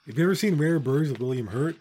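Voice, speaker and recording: A middle-aged man from with its holds forth in loose podcast chat. His voice is dark and mellow, and he rants bluntly, swearing freely as he goes. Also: a little high, animated, fast talker, slightly rough. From Newfoundland, Canada. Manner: blunt, profane ranting. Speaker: podcast co-host. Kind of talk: casual chat.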